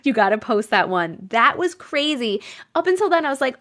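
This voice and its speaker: High-pitched and sing-song, with a fairly bright tone and moderate pace, a woman with a New York accent runs a casual live stream. She reads stories from viewers, chatting along and often bursting into exclamations and laughter.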